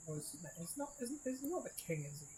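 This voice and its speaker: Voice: medium pitch, big pitch swings, fast talker, dark tone, slight background noise. Casual tabletop player, chatty, faint crickets behind. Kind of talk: casual role-play chat.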